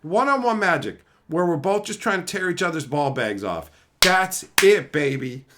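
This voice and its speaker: A high-pitched man with a bright, cutting voice rants on a casual livestream. He talks profanely and mockingly, and his pitch jumps all over the place as he works himself up into shouting. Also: expressive, moderate pace, a little hiss or hum. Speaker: streamer.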